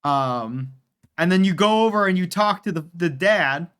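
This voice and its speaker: A man's voice: high-pitched, lively intonation, normal speed, fairly bright tone, clear, resonant tone. A man casually commenting on a game during a live stream, chatty, rambling and profane.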